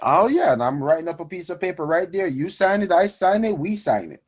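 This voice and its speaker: A man hosting a personal finance show, talking to his audience in an energetic, preachy way and calling them guys. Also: high-pitched, brisk. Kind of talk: energetic motivational money talk.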